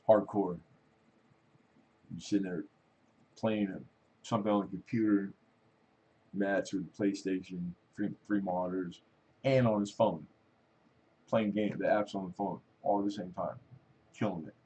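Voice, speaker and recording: A man's voice: sits low, steady tone, unhurried, long pauses, warm tone, dull audio, a little hiss or hum. A middle-aged man hosting a casual chat, rambling through stories, acting out what people said and laughing often. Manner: rambling storytelling, acts out quoted voices, laughs often. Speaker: host.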